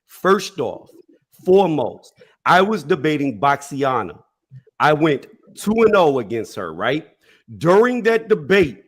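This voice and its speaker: Man, defensive debater, somewhat high voice, insistent, video call audio. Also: a bit bright. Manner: insistent, defensive, lays out his case. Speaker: panelist debater. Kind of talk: heated online debate panel.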